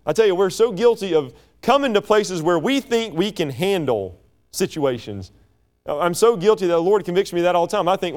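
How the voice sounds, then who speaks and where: A man's voice: high voice, lively intonation, a little fast. A man preaching a sermon in a folksy, anecdotal way, his voice rising on emphatic lines.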